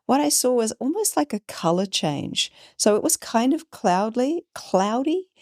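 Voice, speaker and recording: A woman's voice: a little high, measured pace, dry recording, clean studio sound. A woman, a podcast guest telling a story in conversation and acting out the people she quotes. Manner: animated, acts out quoted voices.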